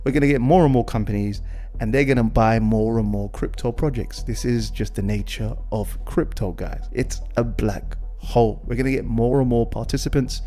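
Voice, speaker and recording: Male channel host, mid-pitch, casual and animated news commentary, faint music bed underneath. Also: normal speed. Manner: animated, repeats himself, keeps saying "guys".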